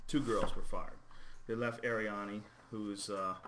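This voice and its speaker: A man hosting a podcast, chatting casually, telling stories with lots of swearing and quick mimicry. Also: fairly low pitch, slight background noise. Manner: animated storyteller, swears freely, mimics people. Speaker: podcast host.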